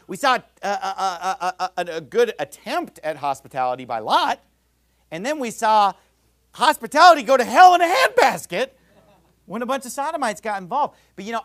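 A man's voice: high-pitched, a bit bright. A man preaching a sermon in a heated, combative, ranting manner. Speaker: pastor.

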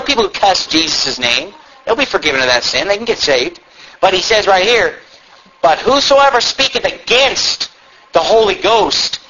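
A man's voice: high-pitched, pushed and bright, slightly rough. A man preaching a sermon from the pulpit, folksy and emphatic, asking the listeners questions. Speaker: pastor. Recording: slightly dull recording with faint ambience.

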